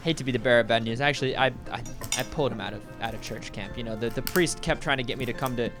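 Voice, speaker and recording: An actor playing a sleazy, blustering middle-aged husband who stammers, rambles and swears in a comedy audio sketch. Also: male voice, mid-range voice, very fast, over music, close to an everyday voice. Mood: confessing.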